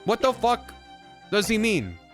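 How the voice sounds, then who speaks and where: Guy streaming a game, playful and lively, kinda high voice, music going in the background. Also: measured pace. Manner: playful, confused mutterings. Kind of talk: casual game commentary.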